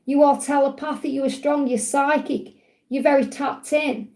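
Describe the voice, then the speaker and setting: A woman from the UK talks through a live tarot reading in a high but dark, mellow voice. She sounds a little croaky today. She keeps repeating key words and checking in with "okay?" to reassure the viewers. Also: steady tone, normal speed. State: slightly croaky voice. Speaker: tarot reader and livestream host.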